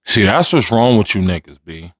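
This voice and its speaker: A man's voice: lowish voice, very animated, moderate pace, no room sound, clean studio sound. A man giving laid-back, joking reaction commentary. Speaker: reaction host.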